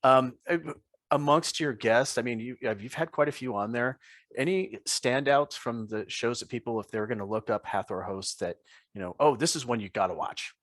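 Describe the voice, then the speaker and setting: A man's voice: mid-range voice, normal speed, a bit bright, no room sound. Easygoing man co-hosting, dry sound. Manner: easygoing, laughs often. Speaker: podcast co-host. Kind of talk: casual interview chat.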